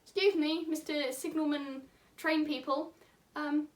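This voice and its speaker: A woman's voice: sits high, fairly even intonation, a little slow, distant mic. A woman voicing a polite male sheep farmer with a put-on Australian accent.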